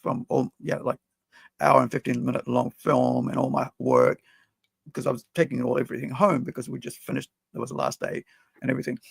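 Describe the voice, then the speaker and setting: Man with a gravelly, husky voice and a dry sound who tells a story in halting, rambling bursts. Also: medium pitch, little pitch movement, no echo. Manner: rambling, halting, full of "like" and "you know". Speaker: podcast co-host. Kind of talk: emotional personal storytelling.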